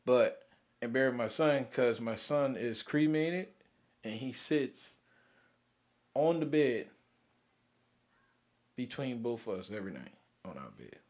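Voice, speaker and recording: A young man, hosting and venting about grief in a raw, profane way, swinging from loud outbursts to near-whispers. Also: mid-range voice, animated, takes it slowly, pauses often. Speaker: podcast host. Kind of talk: emotional personal venting.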